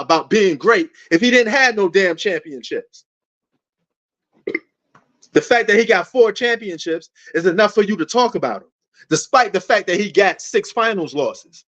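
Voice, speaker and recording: New guy yelling about sports on a stream, high voice, kinda muffled lo-fi audio. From New York. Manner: loud, passionate, argumentative. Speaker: sports talk show host. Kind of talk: livestream sports debate answering chat.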